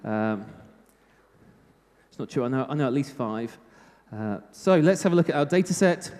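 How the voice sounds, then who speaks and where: A man's voice: mid-range voice, animated, normal speed, darkish tone. A British man giving a live technical talk at a conference, chatty with self-mocking humor. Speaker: conference speaker. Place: conference hall. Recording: reverberant hall.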